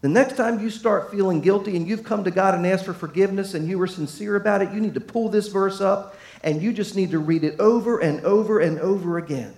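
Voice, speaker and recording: A man preaching a sermon to a congregation, folksy and emphatic, swinging from loud to hushed. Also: sits high, a little fast, gravelly. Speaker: pastor. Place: church sanctuary. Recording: echoey room.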